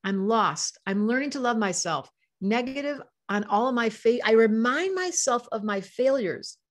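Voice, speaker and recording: A woman's voice: a little high, expressive, moderate pace. An older woman teaching astrology to a live online audience, passionate and emotional, reading out chat comments as she talks.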